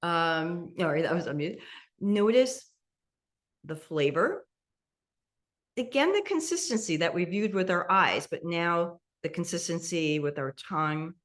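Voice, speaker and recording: Gentle woman guiding a mindful eating class. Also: on the low side, lively intonation. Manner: slow, gentle guiding with soft laughs. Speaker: meditation instructor. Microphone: video call.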